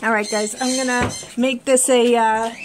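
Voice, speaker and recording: A woman's voice: a little high, level tone, moderate pace, background noise. A woman vlogging with her pets in casual chat, talking into a hand-held phone and cooing baby talk at her birds. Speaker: pet vlogger. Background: birds chirping and squawking.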